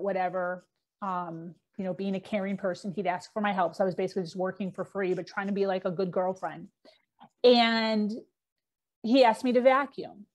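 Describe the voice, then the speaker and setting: A middle-aged woman, appearing as a podcast guest, frankly recounts her past in candid personal stories. Her speech is loose and unpolished, packed with fillers and quoted back-and-forth, and her voice sits at an ordinary middle pitch for a woman.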